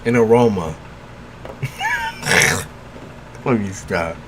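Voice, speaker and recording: Lively, joking male tarot reader. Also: lowish voice, extremely slow, very noisy. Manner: loose, joking and profane, laughs a lot; blunt, gives frank advice. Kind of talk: casual live chat with viewers, giving a tarot reading.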